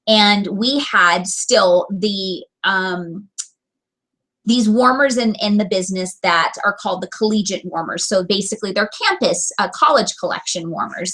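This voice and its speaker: A woman telling a personal business story to her followers, animated and acting out the voices in her quotes. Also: medium pitch, poor audio. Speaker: direct sales business owner.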